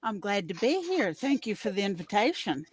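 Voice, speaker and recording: Soft-spoken woman with a Southern accent. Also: mid-range voice, sing-song, moderate pace, husky, dry recording. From American South. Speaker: panelist. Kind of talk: casual chat.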